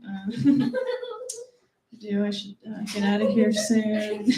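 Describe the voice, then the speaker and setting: A young woman performing a stand-up comedy set, self-deprecating and often breaking into giggles. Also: mid-range voice. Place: comedy club stage. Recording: echoey room, heard from a distance, audible noise.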